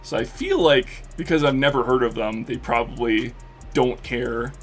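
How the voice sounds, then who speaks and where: A man streaming live and chatting casually while he plays a game, rambling excitedly with lots of swearing and fillers. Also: mid-range voice, normal speed, soft background music.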